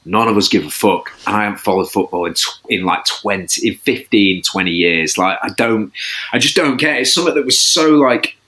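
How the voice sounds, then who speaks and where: A man's voice: lowish voice, brisk, bright, forceful tone. A man, a podcast guest chatting casually, rambling and self-deprecating with many restarts. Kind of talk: casual chat.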